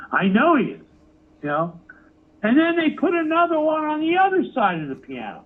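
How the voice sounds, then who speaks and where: Animated man telling stories, phone-like sound. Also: extremely high pitch, normal speed. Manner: swears freely, acts out quotes. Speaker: rock musician interviewee. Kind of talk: animated storytelling interview. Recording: phone-like narrow audio.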